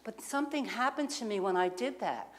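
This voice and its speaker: A woman's voice: fairly high pitch, animated, brisk. New woman minister telling a story. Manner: conversational, asks the congregation questions. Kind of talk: sermon with personal storytelling. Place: community center lounge.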